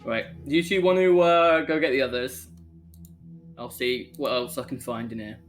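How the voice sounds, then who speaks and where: A man's voice: medium pitch, steady tone, moderate pace. Brummie man reading rules aloud. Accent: Birmingham. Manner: casual, reads rules aloud with fillers. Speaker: player. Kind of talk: casual tabletop game chat. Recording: music bed under voice.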